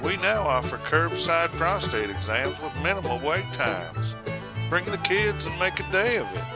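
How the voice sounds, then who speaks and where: A man's voice: fairly high pitch, sing-song, normal speed, over loud music, pitched above the performer's own voice, low-quality recording. A man voicing an overeager male commercial announcer in a hyped-up, salesy delivery.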